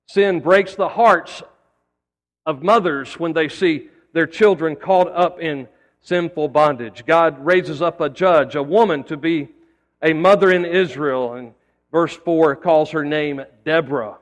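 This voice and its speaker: A pastor preaching in a fairly high voice, his words trailing off into the long reverb of a church hall. He tells his stories in a folksy way, often repeating a word as he goes. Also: unhurried. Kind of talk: sermon.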